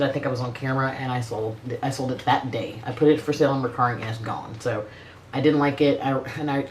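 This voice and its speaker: A woman's voice: very deep voice, darkish tone, slight background noise. A middle-aged woman chatting casually as a beauty vlogger, blunt and profane, rambling with frequent restarts. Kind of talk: casual makeup review chat.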